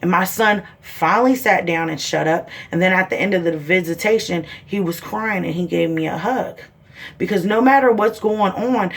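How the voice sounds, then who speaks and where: A woman's voice: mid-range voice, a bit bright. A mother of seven ranting to the camera in a heated, blunt way, swearing constantly. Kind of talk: angry personal video rant.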